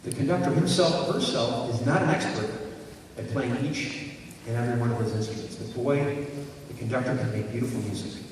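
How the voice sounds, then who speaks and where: A man gives a motivational talk full of stories and questions for the audience, his mid-range voice fairly quick with a darkish tone. It was recorded from a distance in a noisy hall with strong echo.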